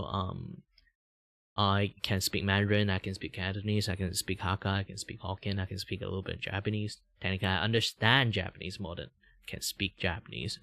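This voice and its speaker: A man in his thirties from Malaysia, with a Malaysian English accent, chatting casually on a livestream and rambling with many fillers. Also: dry recording. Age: 30s. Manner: rambling, many "like" fillers, jumps to a much higher voice when excited. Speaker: VTuber streamer.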